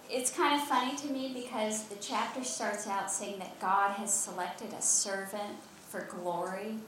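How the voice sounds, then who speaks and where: An older woman with a Texas accent preaches in a lively, chatty way, a touch high in pitch. Her voice comes from some distance off and rings through a big echoey hall. A faint hiss sits underneath. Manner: lively, conversational preaching with laughs and asides. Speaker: former campus chaplain. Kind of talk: sermon.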